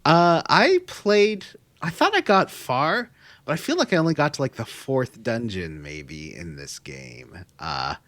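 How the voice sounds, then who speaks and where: Male podcast host, casual rambler, mid-pitched, dry close mic. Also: very animated, a little slow, a bit bright, no room sound. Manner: rambling, self-deprecating, trails off with fillers. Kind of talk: casual gaming podcast chat.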